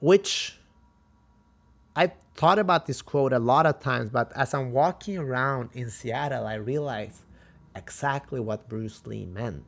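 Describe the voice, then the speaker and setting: A podcast host with a Swedish accent tells a travel story in a relaxed, chatty way. His voice is gravelly and mid-pitched. He breaks into motivational asides, often restarting his phrases. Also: unhurried. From Sweden. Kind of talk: casual storytelling monologue.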